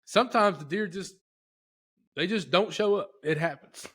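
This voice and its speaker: A man hosting a podcast, telling a story in a casual, rambling, animated way with lots of filler talk. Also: high voice, normal speed, slightly rough. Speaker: podcast host.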